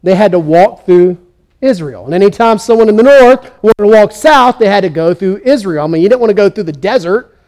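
Guy preaching, pretty high voice, animated storytelling, acts out the kings and prophets. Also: a little fast. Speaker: pastor. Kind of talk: sermon.

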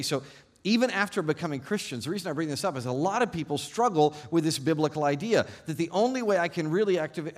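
A man preaching a sermon as pastor, emphatic and animated, asking rhetorical questions and reading scripture aloud with slow emphasis. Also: on the high side.

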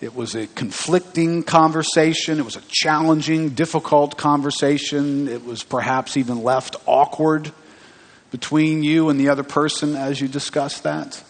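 A man's voice: on the high side, steady tone, normal speed. Preaching man in a reverberant hall. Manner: conversational preaching, asks the congregation questions. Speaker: pastor. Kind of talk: sermon. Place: church sanctuary.

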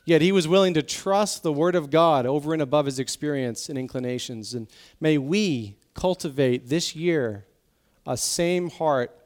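A man pastor giving a sermon in a conversational, emotional way, sometimes dropping to soft, intense tones. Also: a little high, moderate pace. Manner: conversational preaching, acts out quoted voices.

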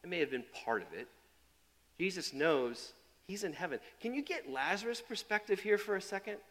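A man's voice: sing-song, moderate pace. Man preaching a sermon in a reverberant hall. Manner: swings from loud emphatic build-ups to quiet, low asides; repeats and restarts phrases while preaching. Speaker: pastor.

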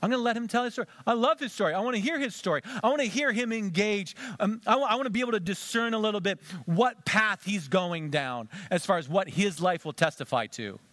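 Animated male pastor preaching, dry sound. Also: high-pitched, fast talker, few pauses, no room sound. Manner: animated, acts out conversations with a volunteer. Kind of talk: sermon.

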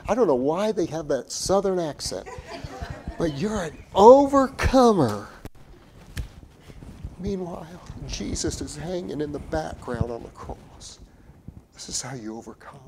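A man preaching a sermon as pastor. He talks earnestly, repeats and restarts phrases, rises to emphatic peaks and drops to a quiet tone. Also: mid-range voice, slight background noise.

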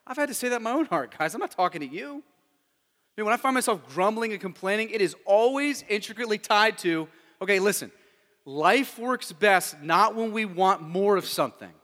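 A forceful, bright-voiced male pastor with a high pitch preaches an animated, informal sermon in a church sanctuary, moving at a moderate pace. Rhetorical questions fly at his listeners, and his words echo with the long reverb of the big hall.

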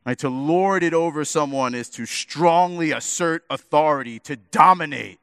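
A male pastor delivers a sermon with animated energy, acting out quick exchanges between characters and swinging from soft, low asides to sudden loud, high outbursts. His voice sits a little high for a man. The sound is dry and close, with no room echo. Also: clean tone. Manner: animated, acts out dialogue with shifts in pitch and loudness.

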